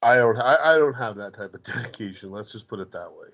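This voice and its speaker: A man's voice: lowish voice, fast talker, fairly bright tone, dull audio. A man co-hosting a podcast, chatting casually about a comedy film, rambling with frequent restarts. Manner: rambling with frequent restarts, laughs while recounting. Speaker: podcast co-host. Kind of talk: casual movie discussion.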